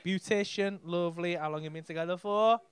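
A man's voice: high-pitched, fairly quick, clear, resonant tone, no echo. A man with a Liverpool accent doing brash, sweary stand-up crowd work from a club stage. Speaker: stand-up comedian.

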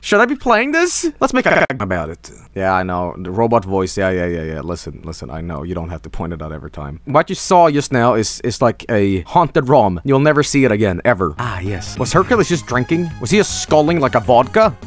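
A man giving casual, sarcastic gameplay commentary as a streamer, excitable and full of swearing and laughter. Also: on the low side, brisk, few pauses, no echo, soft background music. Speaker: game streamer.

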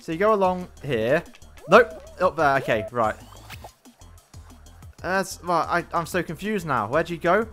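Gaming host, somewhat high voice, animated self-mocking play-by-play, faint game music behind. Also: male voice, a little slow, long pauses. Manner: excitable, self-mocking running commentary. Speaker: gaming YouTuber. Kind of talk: gameplay commentary.

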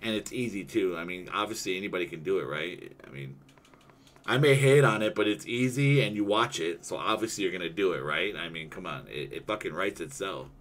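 A man's voice: deep voice, brisk, a bit bright. A young man streaming a video game, ranting heatedly and swearing constantly in casual chat with a friend. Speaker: gaming streamer.

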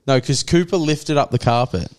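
A man's voice: mid-range voice, moderate pace. A young man with a mid-range voice co-hosts a casual podcast. He tells long stories about his friends and acts out what they said. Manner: rambling storyteller, many fillers, quotes friends. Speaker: podcast co-host. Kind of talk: casual chat.

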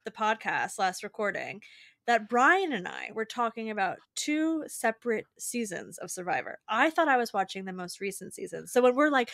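A woman's voice: a little high, expressive, normal speed, fairly bright tone, no room sound, studio quality. A woman co-hosting a podcast, chatty and storytelling in tone. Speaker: podcast co-host. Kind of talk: casual political podcast chat.

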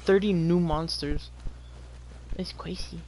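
A man's voice: fairly high pitch, takes it slowly, slight background noise. A man playing a video game beside a child, chattering playfully, humming tunes and yelping at the action. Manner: excitable, hums, calls out gasps and yells. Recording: game music playing behind. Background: game music.

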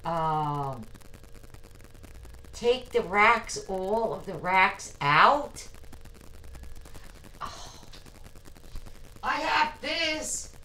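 A woman's voice: mid-range voice, very animated, very slow, long pauses, bright, forceful tone. A woman livestreaming from her kitchen, chatting hesitantly with lots of ums while answering viewer comments. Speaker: vlogger. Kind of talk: casual livestream chat. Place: home kitchen. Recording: echoey kitchen, distant mic, faint hum.

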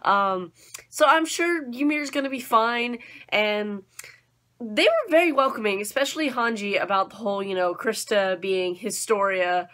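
A young woman giving a casual anime episode review, bubbly and excitable, full of "like" and "um". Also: mid-range voice, moderate pace.

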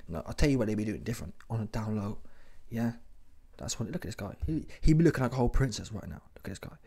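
A man's voice: lowish voice, lively intonation, quick pace, dark tone, husky. Slangy man mocking in casual commentary. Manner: slangy, mocking, keeps tagging lines with "yeah?". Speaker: host of a commentary channel.

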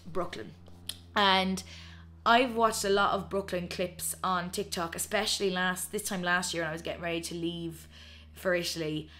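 A woman's voice: on the low side, fairly even intonation, a little fast, fairly bright tone. A woman in her twenties with an Irish accent, chatting to camera in a casual, long-winded, self-mocking way. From Ireland. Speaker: vlogger.

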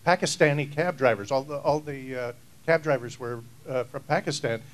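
A man recalling old stories on a convention panel in a dry, deadpan, unhurried way. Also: medium pitch, rough recording. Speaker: actor panelist.

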